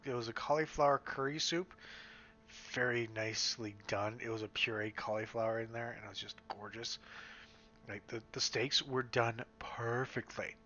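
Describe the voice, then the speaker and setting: A man's voice: mid-range voice, pushed and bright. A man from Western Canada vlogging in a casual, rambling way at home, full of fillers and restarts. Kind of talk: casual chat. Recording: slightly dull lo-fi sound.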